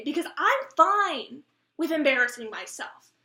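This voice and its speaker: A woman's voice: sits high, lively intonation, a little slow, bright, forceful tone, roomy sound. A twenty-year-old woman, an actress, giving a blunt, self-deprecating improvised comic monologue for a self-tape. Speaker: actress auditioning. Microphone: camera mic of a self-tape.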